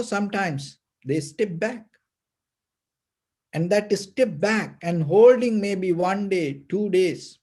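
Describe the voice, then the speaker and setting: A man giving a Buddhist sermon, speaking haltingly with fillers and restarts. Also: sits high, mellow. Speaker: Buddhist teacher.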